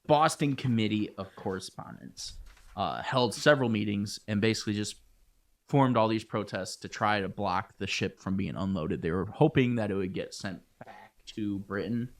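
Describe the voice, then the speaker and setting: A man's voice: fairly low pitch, moderate pace. A man co-hosting a history podcast, joking around in loose casual chat with lots of fillers. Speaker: podcast co-host.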